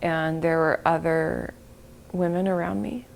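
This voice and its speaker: A middle-aged woman recalls painful events in an interview, her voice low and gravelly. She speaks slowly and haltingly, breaking off mid-phrase and at times sinking to a whisper. A faint hiss sits under the recording. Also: steady tone. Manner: halting, breaks off and restarts, sometimes drops to a whisper. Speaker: interviewee, bereaved mother. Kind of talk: emotional interview recollection.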